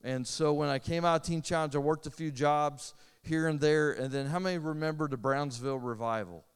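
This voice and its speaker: Middle-aged preacher guy from indiana, earnest and urgent, smooth clear voice, long church echo. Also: a little high, a little fast. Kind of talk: sermon testimony. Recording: long reverb of a large hall.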